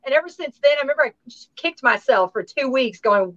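A woman's voice: high-pitched, expressive, a little fast, a bit bright, lo-fi sound. A woman from Tennessee with a Southern accent, chatting as an interview guest, bubbly and chatty with lots of fillers and laughter. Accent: Southern American. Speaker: guest, actress and singer. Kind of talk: casual interview chat.

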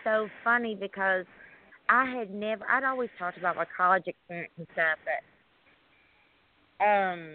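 A woman's voice: mid-range voice, measured pace, a little hiss or hum. A middle-aged woman calling in to a radio show, recalling things in an earnest, rambling way. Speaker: caller. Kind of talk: call-in radio talk. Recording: dry, tinny phone line.

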